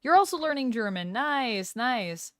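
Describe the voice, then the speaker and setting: Smooth-voiced woman chatting on a stream. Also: a little high, animated, measured pace, a bit bright, no echo, studio quality. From Canada. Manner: reads out chat and chats back, tries out phrases with a light laugh. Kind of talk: casual livestream chat.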